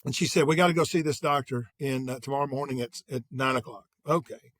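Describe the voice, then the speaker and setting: An older man in an interview, telling energetic anecdotes and acting out quoted dialogue. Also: medium pitch, fast, dry recording. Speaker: guest, sales executive. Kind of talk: conversational interview storytelling.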